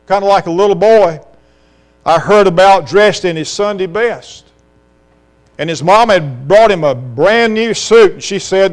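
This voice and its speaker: A middle-aged pastor from South Carolina preaches an impassioned sermon, unhurried, firing off rhetorical questions. His high voice comes through clean and resonant over a steady mains hum in the recording.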